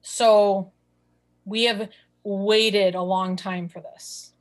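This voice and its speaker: A woman's voice: mid-range voice, little pitch movement, very slow. Woman, podcast co-host, casual chat, enthusiastic, repeats words. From southeastern Wisconsin.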